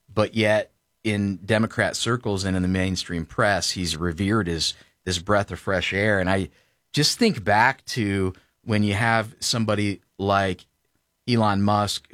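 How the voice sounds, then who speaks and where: A man's voice: low voice, fairly bright tone, no echo, clean studio sound. A man hosting a political talk radio show, chatting in an opinionated, bantering way.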